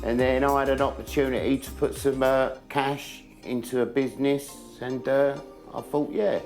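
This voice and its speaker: A man's voice: mid-range voice, fairly even intonation, moderate pace, darkish tone, faint music behind. An older man who runs a bar, talking in a brash, showy way and swearing freely. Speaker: bar owner. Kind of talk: casual chat and banter.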